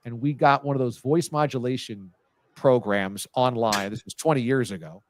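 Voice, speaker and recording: A man in his forties hosting a live sports talk show, telling stories with lively delivery and frequent laughs. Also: mid-range voice, normal speed, no room sound. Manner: lively, storytelling, laughs often. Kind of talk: casual live show chat.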